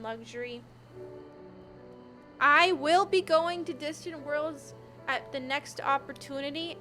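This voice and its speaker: A woman's voice: high-pitched, a bit bright. A tired young woman streaming a game, chatting to her viewers in a rambling, giggly way. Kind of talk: casual live-stream chat.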